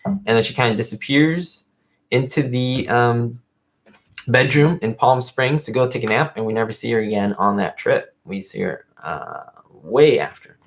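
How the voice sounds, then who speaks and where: A man's voice: mid-range voice, expressive, moderate pace. A man hosting his own livestream, talking casually and a bit rambling, with plenty of fillers. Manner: rambling, fan-like, lots of fillers. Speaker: YouTube host.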